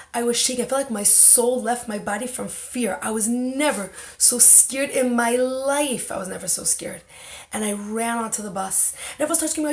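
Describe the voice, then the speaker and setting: Woman host, fairly high voice, emotional and dramatic storytelling, roomy echo. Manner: emotional, intense retelling with dramatic voicing. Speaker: podcast host. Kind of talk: personal story and inspirational talk.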